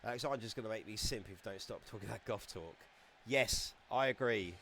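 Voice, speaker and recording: A man giving casual, excitable live-stream commentary on a wrestling game, chatting and laughing as he goes. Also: lowish voice, fairly quick, slight background noise.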